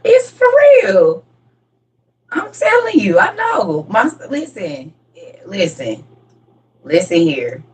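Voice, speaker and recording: A middle-aged woman chatting casually as a parent, telling lively stories and acting out her kids. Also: medium pitch, slow, pauses often. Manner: animated storytelling, acts out her kids. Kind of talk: casual group chat. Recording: voice from a distance.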